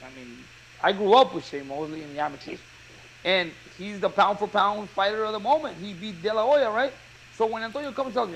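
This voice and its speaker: A boxing coach telling a story in casual chat, acting out the quotes with energy. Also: male voice, sits high, a little fast, a little hiss or hum, low-quality recording. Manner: animated storyteller, acts out quotes.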